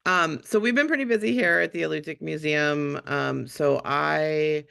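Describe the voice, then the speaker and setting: Hoarse woman panelist with a cold, gravelly and sharp-edged, chatty on a video call. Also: deep voice, normal speed. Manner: chatty, self-deprecating, many ums. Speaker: museum fundraiser on a panel. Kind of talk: webinar panel talk.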